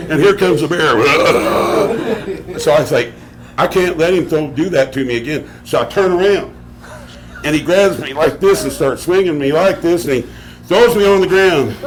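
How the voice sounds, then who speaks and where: Laughing man telling a wild story to a crowd. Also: a little high. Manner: animated, laughing through the tale, swearing freely. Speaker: storyteller on stage. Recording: live crowd noise around the voice.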